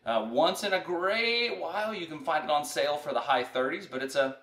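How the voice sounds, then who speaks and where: A man's voice: fairly high pitch, animated, brisk, a bit bright, roomy sound. A man hosting an online show, talking in a casual, rambling way with frequent restarts. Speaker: host. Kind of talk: casual chat.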